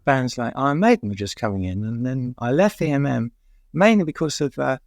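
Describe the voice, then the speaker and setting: An older man from England recounts stories as an interview guest, his voice gravelly and fry-edged. He rambles with many fillers and chuckles at his own tales. The sound is dry and close. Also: medium pitch, lively intonation, brisk, no echo. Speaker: music journalist guest. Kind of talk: anecdotal interview storytelling.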